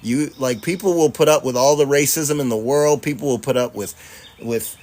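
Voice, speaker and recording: This man hosts a livestream from Charlotte, North Carolina, casually reading out viewer comments in a mid-range, darkish voice at a moderate pace. He keeps it laid-back, cursing freely, laughing readily and talking to y'all.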